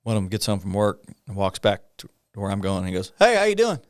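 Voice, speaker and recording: A middle-aged man, a police officer guest, recounting a personal story in a halting way, with many pauses, fillers and rueful laughs. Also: deep voice, level tone, clear, resonant tone, no echo, studio quality. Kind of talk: conversational storytelling in a podcast interview.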